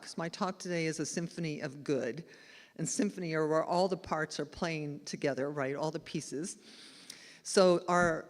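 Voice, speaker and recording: A woman minister giving a lively, chatty storytelling sermon at a live church service. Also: fairly low pitch. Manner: chatty and animated, laughing as she tells the story. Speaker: spiritual director and minister. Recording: long hall reverb in a church.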